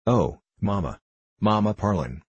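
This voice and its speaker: A man reading an audiobook, voicing a small earnest girl with slow, childlike questions. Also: on the low side, lively intonation, husky, no room sound, muffled recording.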